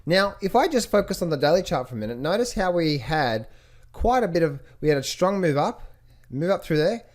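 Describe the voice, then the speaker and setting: A man with a slightly high voice walks through a chart tutorial. He asks rhetorical questions and repeats key phrases over and over. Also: sing-song, fairly quick. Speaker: trading instructor. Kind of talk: screen-share chart tutorial.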